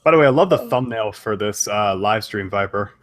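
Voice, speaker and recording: A man's voice: on the low side, a little fast. A man chatting casually and joking on a livestream, mocking people he quotes. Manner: animated, joking, mock-quoting others. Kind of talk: casual chat.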